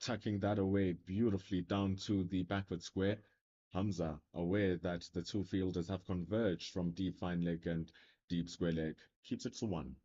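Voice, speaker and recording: Low-voiced playful male cricket commentator. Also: moderate pace. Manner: lively, playful, describes play. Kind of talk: live sports commentary. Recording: lo-fi broadcast sound.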